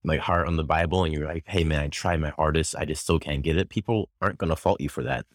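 A young man hosting a podcast, speaking in a relaxed, easygoing way and saying "like" often. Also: extremely low pitch, fast, no room sound, clean studio sound. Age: young adult. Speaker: podcast host. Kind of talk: casual chat.

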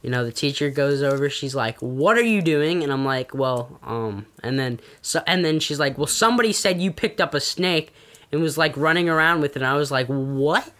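A young man chatting casually, rambling through a story with lots of fillers and animated bursts. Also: a little high, moderate pace. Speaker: storyteller guest. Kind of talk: casual podcast chat.

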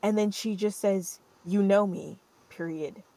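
A young adult woman hosting a podcast, telling a story in an animated, rambling way full of fillers. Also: medium pitch, measured pace, dry recording. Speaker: podcast host. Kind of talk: casual storytelling chat.

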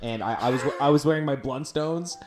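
A man's voice: fairly high pitch, fairly quick, darkish tone, faint music behind. A young Canadian man hosting a podcast, telling rambling stories in casual chat and laughing often. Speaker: podcast host.

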